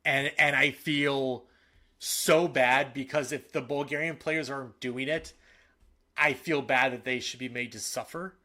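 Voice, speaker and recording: A man co-hosting a casual sports podcast. He talks in an animated, opinionated way and often restarts his sentences. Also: mid-range voice, a little slow. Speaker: podcast co-host.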